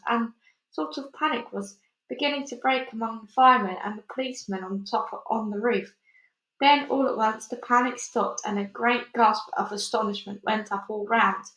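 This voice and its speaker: Higher-voiced woman reading a storybook. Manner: steady reading with small slips and restarts. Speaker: storybook reader. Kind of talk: chapter read-aloud. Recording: echoey room.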